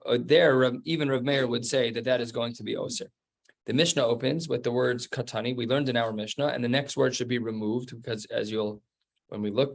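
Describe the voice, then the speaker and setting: Gravelly rabbi teaching a Talmud class. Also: male voice, medium pitch. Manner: explains step by step in a loose conversational way. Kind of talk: Talmud study lesson.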